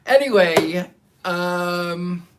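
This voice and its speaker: On a live online reading show, the male host greets viewers by name and chats with them theatrically before reading a book aloud. His voice is high and he draws out his words. The recording is very noisy.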